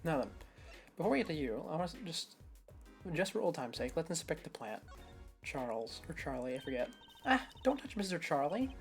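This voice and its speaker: Low-voiced woman chatting over a game. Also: expressive, a little fast, long pauses, soft background music. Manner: chatty, self-deprecating, thinking aloud. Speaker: streamer. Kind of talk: casual gameplay commentary.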